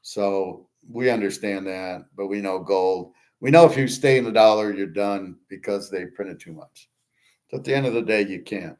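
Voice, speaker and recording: Male host, low-ish voice, profane off-the-cuff rant. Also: moderate pace, darkish tone. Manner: blunt, profane, ranting. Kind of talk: casual monologue.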